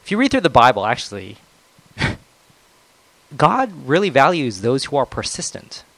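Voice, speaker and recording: A man preaching a conversational sermon, swinging between loud, emphatic moments and soft, reflective ones. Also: medium pitch, huge pitch swings, a little slow, vocal fry, no echo, rough recording.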